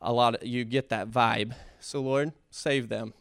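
Guy giving a heartfelt church testimony, smooth clear voice, dry close sound, lots of ums, gets fired up. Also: mid-range voice, fairly even intonation, dry recording. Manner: earnest, halting, with many fillers and restarts; builds to impassioned preaching. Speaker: church speaker sharing a testimony.

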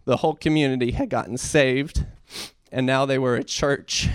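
Male speaker, earnest church testimony; smooth, resonant tone, halting delivery that rises into passionate preaching, dry recording. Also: mid-range voice, no echo. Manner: earnest, halting, with many fillers and restarts; builds to impassioned preaching. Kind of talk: heartfelt testimony sermon.

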